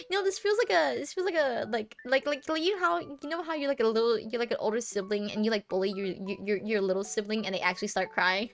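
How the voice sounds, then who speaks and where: High-voiced giggly young woman streamer. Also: quick pace, gravelly, few pauses, soft background music. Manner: playful, giggly, teasing, rambling with many fillers. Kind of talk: casual live-stream chat with viewers.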